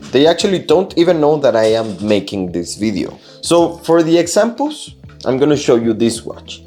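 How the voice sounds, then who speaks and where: Man, native Spanish speaker, casual watch review vlog, earnest and opinionated, mid-pitched voice, soft music underneath. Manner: earnest, opinionated, explaining with small restarts.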